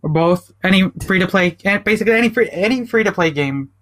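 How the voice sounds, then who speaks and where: A man joins in casual podcast chat with a fairly high voice. His pitch jumps around a lot. He gets excited fast and laughs easily. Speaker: podcast co-host.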